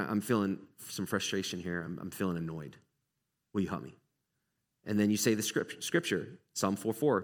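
A man's voice: mid-range voice, fairly bright tone. A man, a pastor, giving a sermon in a conversational way with frequent fillers and restarts.

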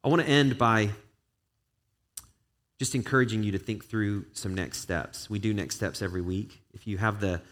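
A pastor with a fairly low voice preaching in an earnest, conversational way. He talks to his church as he would to friends and moves into spoken prayer. His words carry plain encouragement. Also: normal speed, a bit bright. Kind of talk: sermon.

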